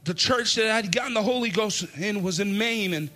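A man preaching an impassioned sermon and altar call in a church, often shouting with a sing-song preaching cadence. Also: high-pitched, normal speed, music in the background. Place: church sanctuary.

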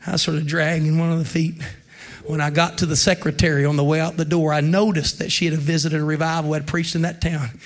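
A man in his thirties preaching a revival sermon to a congregation in a church, swinging between shouted exhortation and hushed storytelling. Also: fairly high pitch, level tone, a little fast. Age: 30s.

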